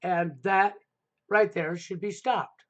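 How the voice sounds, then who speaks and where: A man's voice: sits high, steady tone, takes it slowly, fairly bright tone, muffled recording. A middle-aged man hosting a live stream, giving emphatic casual advice and often checking in with "okay?". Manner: emphatic, repeats "okay?" to drive points home. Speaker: livestream host.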